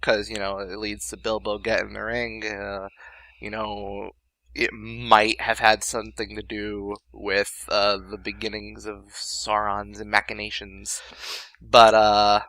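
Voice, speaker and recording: A young man chatting on a movie commentary, halting and stammering through his points. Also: fairly low pitch, monotone, pushed and bright, no echo, low-quality recording. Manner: halting, stammers and restarts, laughs at himself. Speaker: commentary co-host. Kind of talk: casual movie commentary chat.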